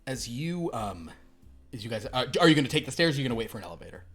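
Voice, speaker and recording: A man narrating as game master of a tabletop game, with meandering, casual descriptions that trail off softly. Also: medium pitch, big pitch swings, racing, slightly rough, faint music behind.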